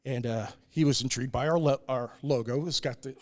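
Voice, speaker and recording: Speaking fairly quickly in a mid-range voice, this middle-aged man from the United States owns a brewery and shares stories in a relaxed podcast interview. He's earnest, says "uh" often, and voices the people he quotes; the recording is dry.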